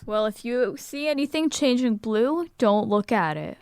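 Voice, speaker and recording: Woman, tabletop player, wry, casual, smooth voice, dry close mic. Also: a little high, lively intonation, unhurried, a little mellow, dry recording. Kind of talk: tabletop game play.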